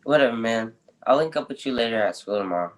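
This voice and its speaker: Teen guy doing a chill stubborn kid, slangy and blunt, mid-pitched everyday voice, improv stage bit. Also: lively intonation, quick pace, lightly acted, poor audio. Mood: joking. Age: teens. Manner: casual slangy street talk. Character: laid-back teenage boy Jamal, blunt and stubborn.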